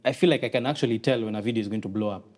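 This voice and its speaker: A Kenyan man, a comedian and content creator, chatting casually as a podcast guest and breaking into animated quoted voices. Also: lowish voice, rapid-fire. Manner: animated, acts out quotes in raised voices, mixes in Swahili. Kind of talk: casual conversation.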